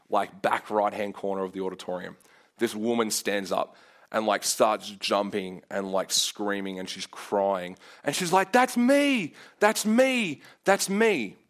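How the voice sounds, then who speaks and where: A young man with a deep voice preaches a sermon, telling a story casually with lots of filler words. He grows animated as he acts out his own prayers.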